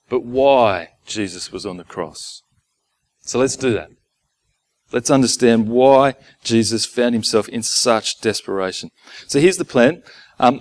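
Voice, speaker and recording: A man's voice: medium pitch, no echo. Man preaching in a dry, close sound. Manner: relaxed, conversational preaching with asides. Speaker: pastor. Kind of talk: sermon. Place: church gathering.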